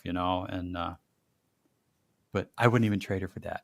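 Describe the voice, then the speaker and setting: A man's voice: lowish voice, fairly quick, creaky, no room sound. Chatty man telling stories, dry sound. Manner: animated storyteller, laughs often, puts on voices in quotes. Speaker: podcast host. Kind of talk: casual storytelling chat.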